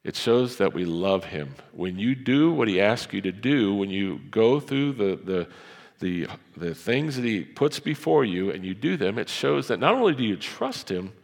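A man's voice: on the low side, normal speed, vocal fry, few pauses, big-room sound. A man preaching a sermon, talking conversationally and acting out the voices of the people in the story. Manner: animated, acts out Bible voices, conversational. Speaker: pastor. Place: church.

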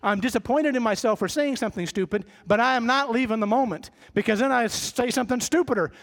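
A man's voice: very high-pitched, fast talker, fairly bright tone. A middle-aged man preaching a sermon as pastor, conversational and self-deprecating, acting out the voices of the people he describes. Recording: reverberant church hall.

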